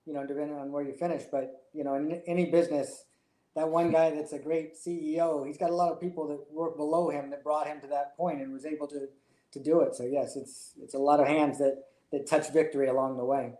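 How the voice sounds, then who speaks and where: A man's voice: fairly high pitch, level tone, a little fast, mellow. Reflective man in echoey room. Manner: emotional, reflective storytelling. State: choked up. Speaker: jockey. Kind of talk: interview answers.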